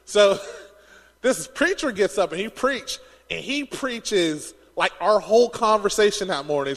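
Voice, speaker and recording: A man preaching a sermon, telling stories in an animated way and laughing often. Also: sits high, normal speed, in a large hall.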